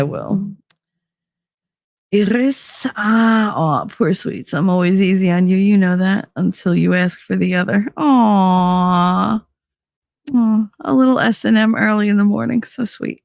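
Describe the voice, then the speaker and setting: A woman's voice: medium pitch, gravelly, dry recording. Tired bubbly woman streamer chatting w her chat, sassy and laughing, dry close mic. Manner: bubbly, teasing and laughing often. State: tired from little sleep. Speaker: livestream host reading chat. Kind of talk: casual chat.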